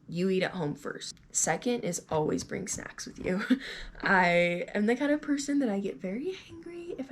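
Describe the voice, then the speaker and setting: A woman's voice: on the low side, creaky. A young woman telling her own story in a candid, conversational vlog, with fillers along the way. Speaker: vlogger.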